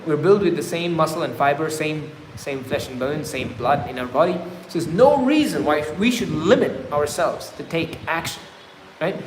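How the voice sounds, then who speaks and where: A man's voice: a little high, slight background noise. A man hosting a live stream, earnestly coaching viewers with repeated affirmations. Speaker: livestream host. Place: travelling, indoors. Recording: echoey room, faint ambience.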